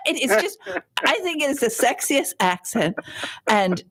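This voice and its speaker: A woman hosts a radio talk show from the studio, her voice sitting a little high. She gushes and giggles through a casual interview chat. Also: very animated, measured pace, a bit bright, slightly rough. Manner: effusive and giggly, laughs often.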